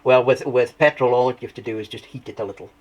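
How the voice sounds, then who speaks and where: A man telling his story as an interview guest, rambling through anecdotes with restarts and lively retellings. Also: mid-range voice, fast, rough recording. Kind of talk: conversational storytelling.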